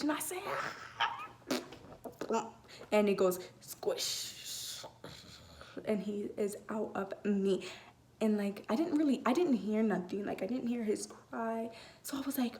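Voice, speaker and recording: A woman's voice: mid-range voice, takes it slowly, long pauses, dark tone. A teenage girl telling a personal story in a casual vlog, rambling with many fillers and restarts. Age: late teens. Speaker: vlogger.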